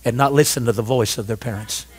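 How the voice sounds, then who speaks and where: A man's voice: mid-range voice, quick pace, breathy edge. A male pastor preaching a sermon, repeating phrases rhythmically and urging the congregation to answer aloud.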